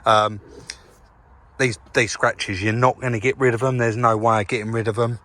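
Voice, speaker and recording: A man from England in a car workshop, talking casually to camera as he cleans a car, relaxed and chatty, calling viewers "guys". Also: mid-range voice, normal speed. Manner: chatty, relaxed, says "crack on" and "guys" often. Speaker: car rebuild vlogger.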